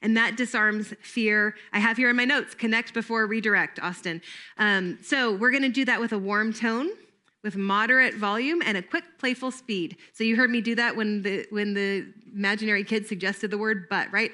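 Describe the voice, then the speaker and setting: A woman's voice: medium pitch, moderate pace, sharp tone. A woman giving a recorded training talk in an upbeat, playful teaching manner.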